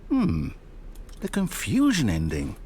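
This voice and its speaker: A man's voice: mid-range voice, wildly swooping pitch, takes it slowly, a little mellow, slight background noise. An actor playing a theatrical, wry male narrator in a video game, with a dry storybook delivery. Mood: alarmed. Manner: swings from grand to panicked. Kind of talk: scripted narration.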